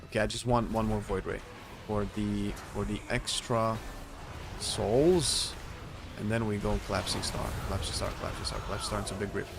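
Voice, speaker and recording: A young man giving live gameplay commentary, excitable, chanting and shouting at the game. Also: on the low side, moderate pace, gravelly, noisy background. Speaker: game streamer. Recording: faint music behind.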